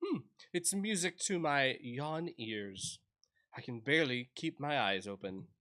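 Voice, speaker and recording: A sleepy, friendly male villager from a cozy life-sim game, read aloud by a man in a lightly put-on voice. His tone is bright and upbeat, even as he complains about not sleeping. The delivery sounds like game dialogue read aloud. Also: mid-range voice, measured pace. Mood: drowsy.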